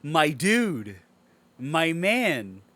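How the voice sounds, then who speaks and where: A man's voice: fairly high pitch, very animated, drawn-out words, sharp tone. A man co-hosting a casual podcast movie review, reading a review aloud and ranting at it with sarcastic, profane outbursts. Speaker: podcast co-host.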